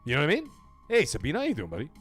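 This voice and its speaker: A man's voice: on the high side, wildly swooping pitch, racing, a bit bright, husky, faint music behind. A man hosting a gaming livestream, talking to chat in an emphatic, blunt way with swearing. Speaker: gaming show host.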